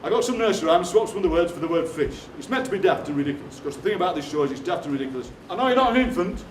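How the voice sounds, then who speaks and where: Yorkshire comic poet, middle-aged, high for a man, chatty asides, recorded from far off in a roomy hall with background noise. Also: animated. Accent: Yorkshire, Barnsley. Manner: quick, chatty, jokey asides to the audience. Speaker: performance poet. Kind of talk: comic storytelling on stage. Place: theatre stage before a live audience.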